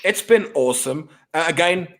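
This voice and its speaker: A man's voice: fairly high pitch, lively intonation, moderate pace, a bit bright. A South African man hosting a casual podcast chat, rowdy and profane. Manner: rowdy, profane, mimics voices for laughs. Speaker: podcast host.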